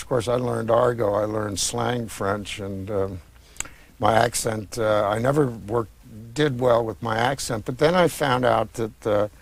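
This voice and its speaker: An author in his sixties answers questions at an easy, wandering pace. He stops and restarts often as he recalls names and dates, filling gaps with soft hesitations. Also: medium pitch, gravelly. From United States. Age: 60s. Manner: reflective, meandering with many pauses and restarts. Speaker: author interviewed about his books. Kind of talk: conversational interview.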